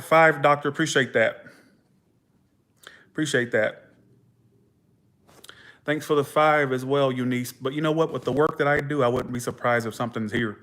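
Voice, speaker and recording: A young man hosting a livestream, telling his stories casually with swearing and acting out the people in them. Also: mid-range voice. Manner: animated, profane, acts out dialogue in his stories. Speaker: tarot livestream host.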